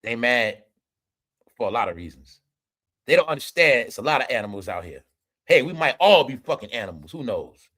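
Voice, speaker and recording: A man's voice: mid-range voice, sing-song, fairly quick, long pauses, a bit bright. A man hosting an entertainment commentary show, ranting emphatically and profanely straight to his viewers. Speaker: commentary channel host.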